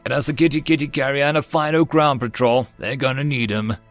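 A man voicing a calm, commanding male sergeant giving clipped orders. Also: medium pitch, fairly quick, no echo, faint music behind, lightly acted.

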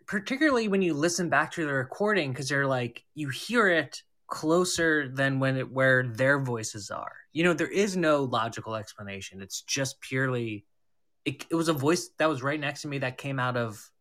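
Earnest man with halting speech. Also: mid-range voice, expressive, fairly bright tone. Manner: earnest, halting, many restarts. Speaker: team member, paranormal investigator. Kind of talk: casual chat.

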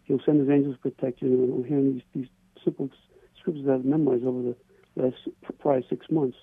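A man calls in to a radio show and tells his story earnestly, stumbling and repeating words as he goes. His voice is gravelly and a little husky, and the sound is thin and tinny like a phone line. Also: medium pitch, little pitch movement, fast talker, dry recording. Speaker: caller. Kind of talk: telling a personal story.

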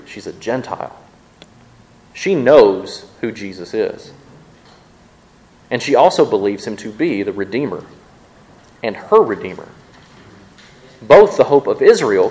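Animated male pastor preaching conversationally. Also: mid-range voice, rough recording. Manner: conversational preaching with quick word repeats. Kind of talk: sermon. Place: church sanctuary with a congregation.

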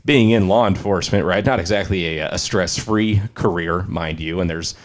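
Very deep-voiced male podcast host. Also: moderate pace. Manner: laid-back, swears casually, trails off softly. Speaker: podcast host, police officer. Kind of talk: casual podcast chat.

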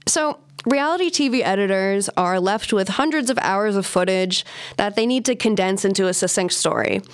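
A woman's voice: mid-range voice, normal speed, clear, resonant tone. A woman hosting a casual podcast, telling a story in a conversational way with asides. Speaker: podcast host.

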